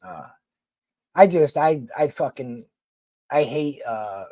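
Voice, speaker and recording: A man's voice: fairly high pitch, animated, slow pace, mellow, no echo. A man from New York City with a Philadelphia accent, chatting casually with viewers on a livestream in a blunt, rambling, profane way.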